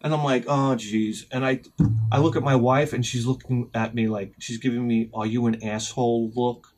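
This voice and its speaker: A middle-aged man telling a rambling, profane story as a video host, sometimes shouting as he acts out his panic. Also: medium pitch, fairly even intonation, normal speed. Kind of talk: casual storytelling vlog.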